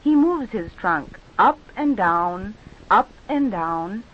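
A woman guides children through stretches and face games, stretching out her words in a calm, patient way. Her pace is very slow and her pitch sits in the middle range. The recording sounds muffled and lo-fi. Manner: slow, patient, drawn-out instructions. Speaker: teacher leading a children's exercise. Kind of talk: guided movement and speech exercises for children. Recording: dull lo-fi recording.

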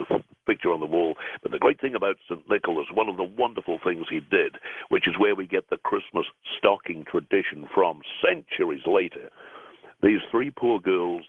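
A man on a radio show telling a story in an animated, warm way over the telephone. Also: deep voice, breathy edge, no echo. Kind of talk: storytelling on a phone-in. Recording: tinny phone line.

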